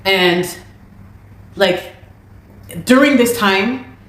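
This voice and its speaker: A woman telling a personal story of a dispute in an animated, indignant way, often repeating words. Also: medium pitch, very slow, echoey room. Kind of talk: casual spoken account.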